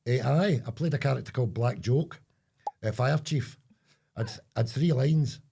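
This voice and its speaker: A Scottish man co-hosts a podcast, chatting casually and rambling, often trailing off mid-sentence as he searches for words. His voice is mid-pitched, creaky, and dark-toned at a moderate pace, with slight background noise.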